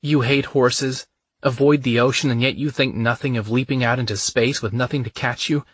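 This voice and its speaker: A man's voice: mid-range voice, steady tone, moderate pace, fairly bright tone, breathy edge, dry recording, voice pushed up. A man voicing a frightened, stubborn young woman in a romance audiobook, in a raised, tense and pleading voice. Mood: fearful.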